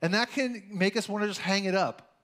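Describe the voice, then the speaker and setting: Chatty high-voiced male preacher. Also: a little fast, fairly bright tone. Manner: chatty, storytelling, lots of "like" and "you know". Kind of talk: casual sermon with personal stories.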